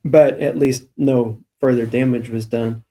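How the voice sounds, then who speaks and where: A man co-hosting a church podcast, telling stories in a relaxed, chatty way. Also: medium pitch, a little slow. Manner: chatty, storytelling, light laughs. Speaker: church staff podcast co-host. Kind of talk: casual church podcast chat.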